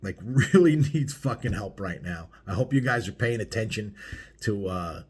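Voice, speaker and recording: A man's voice: fairly low pitch, expressive, normal speed, slightly rough. A middle-aged man telling a biker story in a casual vlog, swearing a lot and rambling with many fillers. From United States.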